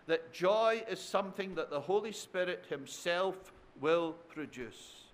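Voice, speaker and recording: A male preacher delivering a sermon in a high voice, taking his time over every phrase. He builds his points by repeating phrases and turns to the congregation with tag questions. He addresses them warmly as his dear friends. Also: lively intonation, measured pace.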